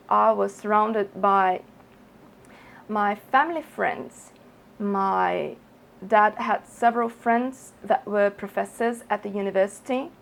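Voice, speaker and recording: A Brazilian woman whose English carries a British, somewhat posh ring from years in London, every T and H carefully sounded. Her mid-pitched voice has a gravelly, creaky edge. She talks in a relaxed, chatty way while going through viewer questions, a bit under the weather. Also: poor audio. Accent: British English learned in London, Brazilian speaker. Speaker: channel host answering viewer questions. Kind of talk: casual Q&A vlog.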